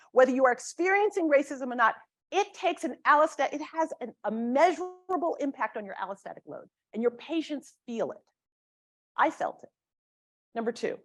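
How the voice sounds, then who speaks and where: A middle-aged woman from the South Bronx gives a lecture as a storytelling talk, with a voice that sits a little high. She is animated and conversational, and she acts out the words of the people in her story. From South Bronx, New York. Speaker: guest lecturer.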